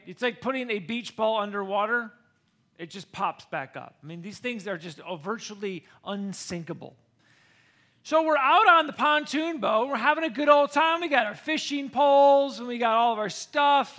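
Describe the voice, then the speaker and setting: A man from Michigan telling a personal story to an audience in a lively way, often checking in with listeners by asking "okay?" or "right?". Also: sits high. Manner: addresses listeners directly with frequent "okay?" and "right?".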